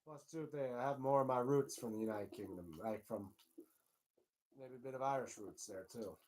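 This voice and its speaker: A man's voice: mid-range voice, normal speed, a little mellow. A man hosting his own livestream, chatting loosely and rambling, with casual swearing. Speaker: livestream host.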